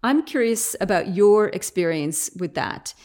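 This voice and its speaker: A woman's voice: mid-range voice, lively intonation, unhurried, a little mellow. A woman hosting a podcast interview, chatty and curious, thinking her questions through aloud. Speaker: podcast host.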